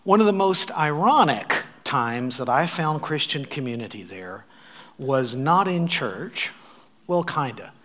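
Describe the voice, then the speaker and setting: A man's voice: on the high side, measured pace. Man preaching with wry storytelling. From United States. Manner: animated storyteller with wry asides. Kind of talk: sermon storytelling.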